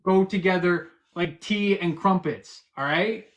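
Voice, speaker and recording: A man's voice: high-pitched, measured pace. A man hosting a live stream, arguing in a profane, combative and mocking way. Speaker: livestream host. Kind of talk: heated live-stream argument.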